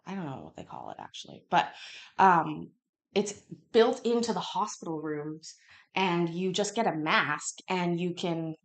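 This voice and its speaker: Brief: female stream host, chatty and rambling, lowish voice. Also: very animated, measured pace. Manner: rambling, chatty, acts out quotes. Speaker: channel host. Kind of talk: casual chat with viewers. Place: home kitchen.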